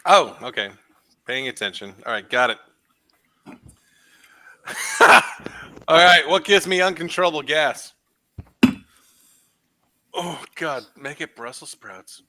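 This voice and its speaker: Lively, bright-voiced joking male host. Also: a little high, slow pace, long pauses. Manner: joking, animated, bursts of laughter. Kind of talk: casual chat while playing a card game.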